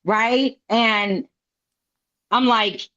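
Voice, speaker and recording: A woman co-hosting a casual podcast chat, blunt and animated, swearing freely. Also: on the high side, very slow. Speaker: podcast co-host. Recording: dull lo-fi sound.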